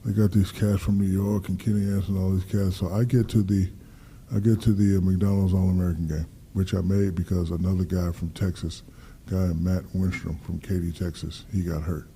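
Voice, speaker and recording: A man's voice: sits low, brisk, slight background noise. A man in his fifties, a guest in a casual interview, telling stories with energy, acting out dialogue and swearing freely. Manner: animated storyteller, acts out dialogue, swears freely. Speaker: guest athlete.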